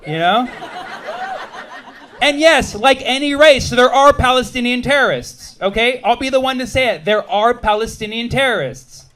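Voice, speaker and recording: Animated stand-up comedian, high voice. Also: male voice. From United States. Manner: animated, punchy delivery with shouted bits and quick asides to the crowd. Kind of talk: stand-up set with crowd work.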